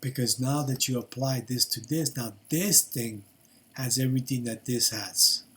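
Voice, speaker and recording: A man's voice: medium pitch, normal speed, fairly bright tone, slightly rough. An older man giving a casual programming lesson while he works at his computer, thinking aloud with lots of fillers and restarts. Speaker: programming tutor. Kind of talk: casual screen-recorded coding lesson.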